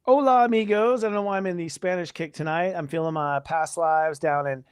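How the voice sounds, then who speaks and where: Male astrology host, casual and enthusiastic, slightly high voice, dry close sound. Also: fairly quick, clear, resonant tone, no room sound. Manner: chatty, energetic, spiritual enthusiasm. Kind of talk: casual live astrology talk.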